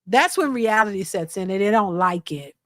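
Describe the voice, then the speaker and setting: A woman's voice: medium pitch, animated, normal speed, no echo, studio quality. A woman hosting a reaction channel, chatting to her live viewers in a blunt, emphatic way and lecturing them. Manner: mocks others by quoting them in a put-on voice. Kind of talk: casual commentary to a live chat.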